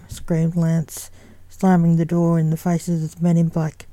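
A woman reading a story aloud at an even, unhurried pace. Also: lowish voice, no echo.

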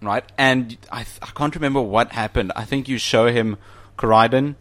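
A man's voice: mid-range voice, normal speed, fairly bright tone. A man co-hosting a casual podcast, enthusiastic, often restarting his sentences. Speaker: podcast co-host. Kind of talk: casual chat.

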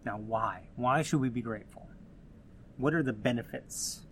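A man's voice: medium pitch, normal speed, fairly bright tone, slight background noise. Casual man talking on his own podcast. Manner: conversational, rambling with frequent restarts and asides. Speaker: podcast host. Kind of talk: casual solo podcast talk.

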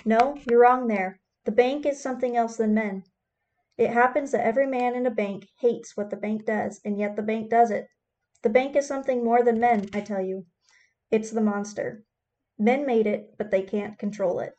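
A woman's voice: fairly high pitch, fairly even intonation, normal speed, mellow, highs cut off, lightly acted. A woman reading the lines of stern landowning men, firm and matter-of-fact in her own voice. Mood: insistent.

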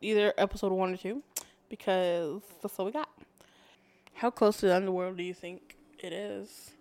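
A woman's voice: mid-range voice, steady tone, normal speed, a little mellow. A woman in her thirties co-hosting a casual podcast with her sibling, teasing, swearing freely and laughing. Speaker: podcast co-host. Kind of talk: casual chat.

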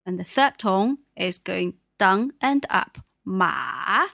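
Native mandarin lady teaching tones, unhurried and clear, dry mic. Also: medium pitch, a bit bright, no room sound. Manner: patient, slow and clear modelling of words. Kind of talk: language teaching.

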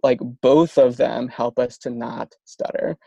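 In an interview, a man explains speech therapy techniques in a conversational way, stuttering with frequent sound repetitions and restarts. His mid-range voice is warm and steady, with vocal fry and a measured pace. There's no room sound.

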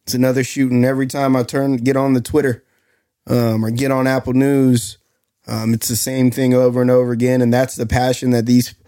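A man co-hosting a podcast in casual chat, measured and pausing often. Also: mid-range voice, monotone, warm tone, dry recording, clean studio sound. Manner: measured, with many "uh" pauses. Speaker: podcast co-host.

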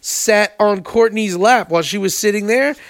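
A man's voice: high voice, moderate pace, no echo. A man co-hosting a casual chat, laid-back and profane, backing up his partner's stories and acting out what people said. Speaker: podcast co-host.

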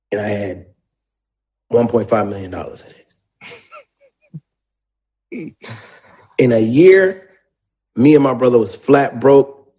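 A man's voice: medium pitch, a little mellow. A man, a songwriter, in a casual interview, telling his story animatedly with plenty of slang and profanity.

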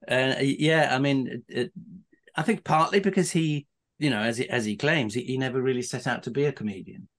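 A man's voice: mid-range voice, moderate pace, fairly bright tone. A middle-aged man, a podcast guest, telling casual anecdotes in a rambling way with many restarts and chuckles.

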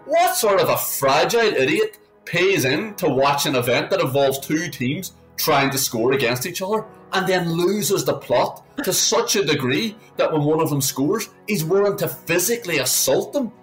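A man's voice: a little high, animated, normal speed, hardly any pauses, a bit bright, faint music behind, rough recording. A man on a casual football podcast, delivering an indignant, sweary rant. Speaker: podcast co-host.

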